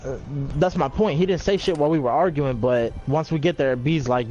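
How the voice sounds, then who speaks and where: A man's voice: mid-range voice, normal speed, few pauses, a little mellow, muffled recording, slight background noise. A man telling a long story in casual chat, rambling with many fillers and plenty of swearing.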